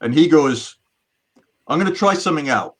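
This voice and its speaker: A middle-aged man with a husky, slightly rough voice, sitting for a casual interview. He tells long anecdotes, often restarting his sentences as he goes. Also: a little high, animated, moderate pace. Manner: rambling storyteller with many restarts. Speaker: magician guest.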